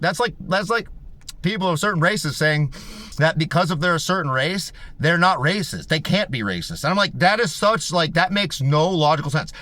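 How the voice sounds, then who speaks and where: A man ranting heatedly to camera, swearing constantly, repeating himself and swinging between loud bursts and low mutters. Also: no echo. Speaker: video host. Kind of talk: heated profane rant.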